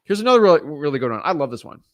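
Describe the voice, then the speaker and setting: A man coaching real estate wholesaling in a blunt, energetic, casual way. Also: a little high, very fast, no room sound, studio quality. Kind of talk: casual instructional talk.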